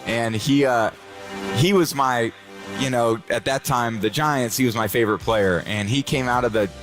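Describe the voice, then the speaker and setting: A man's voice: medium pitch, moderate pace. Guy telling a fun story, doing voices, music behind. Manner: animated anecdote telling, mimics voices. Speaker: interview subject in clip.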